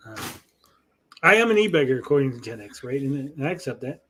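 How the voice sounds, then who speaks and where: A man's voice: mid-range voice, sing-song, quick pace, fairly bright tone, slightly rough. A man hosting a casual livestream after-show, talking bluntly and profanely and checking in with "right?" all the time. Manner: blunt, profane, argumentative, asks "right?" often. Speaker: show host.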